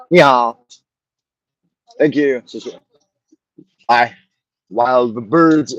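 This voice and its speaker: A man's voice: mid-range voice, unhurried, long pauses, no echo, poor audio. A middle-aged man hosting a livestream, rambling and joking crudely as he talks to his chat. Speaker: livestream host.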